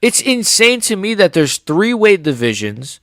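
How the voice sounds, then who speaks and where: A young man giving a profane, heated fight reaction as an MMA YouTuber, often swearing and rising into shouts. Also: high voice, big pitch swings, measured pace, dry recording, studio quality.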